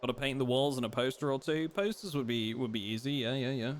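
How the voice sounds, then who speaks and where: A man streaming a game live, chatting casually in a relaxed, rambling way and teasing his chat. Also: mid-range voice, fast, a little hiss or hum.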